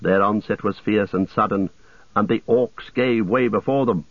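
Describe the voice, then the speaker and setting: A man narrating an audiobook in a steady, measured way, over a tinny radio-like sound. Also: on the low side, no echo.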